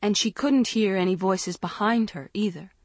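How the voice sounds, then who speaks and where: A woman narrating an audiobook in a slow, measured suspense reading. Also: medium pitch, darkish tone, no room sound. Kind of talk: scripted narration.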